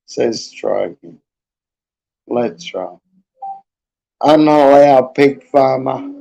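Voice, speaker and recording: A middle-aged man with a gravelly, dark voice drawls through a casual livestream chat. He talks slowly and rambles in a relaxed way, half mumbling as he fiddles with a device. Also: mid-range voice, poor audio. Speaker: livestream host.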